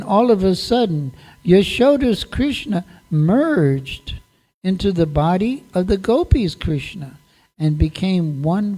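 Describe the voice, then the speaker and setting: A man tells a devotional story during a sermon. His pace is very slow and unhurried, and his tone is mellow and soft. He leaves long pauses between phrases. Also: sits high. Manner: slow, deliberate narration. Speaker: monk telling a devotional story.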